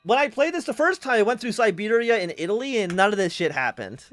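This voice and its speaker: A man's voice: sits high, very animated, fast, a bit bright, faint music behind. A man streaming a story game who reads the text aloud and breaks in with casual, incredulous asides. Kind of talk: let's play with read-aloud narration.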